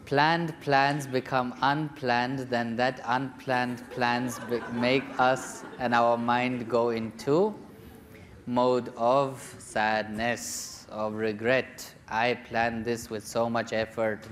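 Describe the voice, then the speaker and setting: A man, a spiritual teacher, telling a story to a young seminar group in a lively, joking manner. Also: medium pitch, slow pace, a little hiss or hum. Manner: lively, chatty, jokes and acts out quotes.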